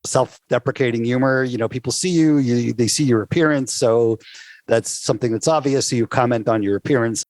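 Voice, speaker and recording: A man's voice: mid-range voice, a little mellow, no room sound. Reflective man recalling a comic, dry close sound. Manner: thoughtful, measured, many restarts. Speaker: interviewee, fellow comedy peer. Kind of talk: reflective oral-history recollection.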